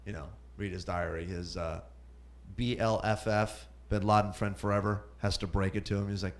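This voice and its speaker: A man's voice: lowish voice, level tone, normal speed. A man in his forties from Southern California doing open-mic stand-up in a comedy club, rambling with self-deprecating asides. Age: 40s. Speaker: stand-up comic.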